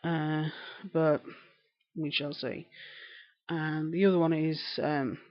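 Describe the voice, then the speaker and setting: A woman's voice: low-pitched, level tone, slow pace. Woman, Yorkshire accent, rambling live-stream chat, knitting while talking, slightly muffled audio. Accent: Northern English, Yorkshire. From England. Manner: chatty, rambling, answering viewers' comments while knitting.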